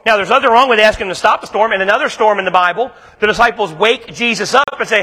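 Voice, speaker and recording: A man's voice: sits high, fast talker, hardly any pauses, sharp tone, husky, in a large hall. A male pastor preaching a sermon in a casual, conversational way, acting out little asides.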